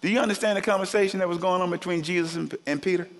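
A man preaching a sermon, animated and joking with the congregation, often jumping into high voices to act out quoted people. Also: rapid-fire. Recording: long hall reverb.

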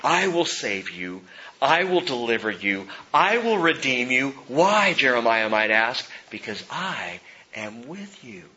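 Bright-voiced preaching pastor in his forties. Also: very animated, dull audio. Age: 40s. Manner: swings from hushed, slow emphasis to loud, high exhortation. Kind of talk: sermon.

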